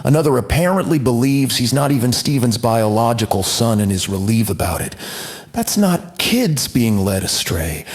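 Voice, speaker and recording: A man delivering a sardonic stand-up comedy routine in an ordinary middle-range voice. His pitch leaps all over the place, dropping into quiet asides and shooting up into shrill, shouted mockery of a boasting preacher. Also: sing-song, normal speed. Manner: mocking, mimics shouting preachers in high yelled bursts.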